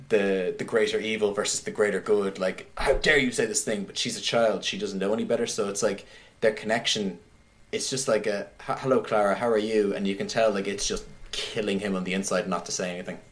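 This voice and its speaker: A man in casual conversation, retelling a film scene by scene in an animated way, with many "like"s. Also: lowish voice, a little fast. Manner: animated retelling, heavy use of "like". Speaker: podcast guest discussing films.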